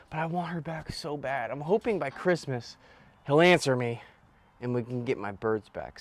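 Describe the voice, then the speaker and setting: A young man vlogging outdoors on rural land in a laid-back, slangy way while he builds, talking into a handheld camera. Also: mid-range voice. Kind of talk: casual vlog narration. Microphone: handheld camera mic.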